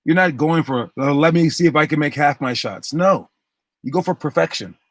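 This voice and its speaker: A man's voice: on the high side, animated, moderate pace, no room sound. A man working as a basketball coach, giving a motivational talk to his players and retelling a story with acted-out quotes and frequent restarts.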